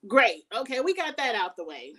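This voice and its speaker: Sassy woman spilling shady takes on a reality show, kinda high voice, bit far from the mic. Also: very animated, normal speed, bright, forceful tone. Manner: sassy, shady, blunt commentary. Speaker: reality TV recap host. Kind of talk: casual review vlog.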